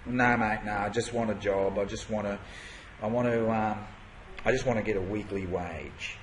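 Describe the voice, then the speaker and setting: A man's voice: lowish voice, fairly even intonation, moderate pace, slight background noise, close to an everyday voice. A man voicing a casual adult male job seeker who bluntly turns down an offer. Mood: dismissive. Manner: offhand, blunt refusals.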